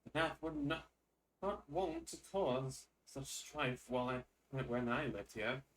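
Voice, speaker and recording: A man's voice: mid-range voice, fairly bright tone, distant mic, lightly acted, poor audio. A man reading a solemn haunted woman. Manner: measured, archaic phrasing.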